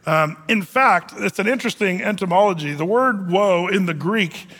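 A man's voice: high voice, moderate pace, a bit bright, big-room sound. A man who is a pastor, preaching a verse-by-verse sermon in a conversational, joking way with many fillers.

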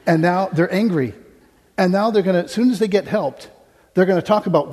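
This American preacher speaks a little fast in a high-pitched, slightly mellow voice, using a stage microphone. His sermon is humorous and anecdotal, punctuated by frequent laughs, and the hall sounds reverberant.

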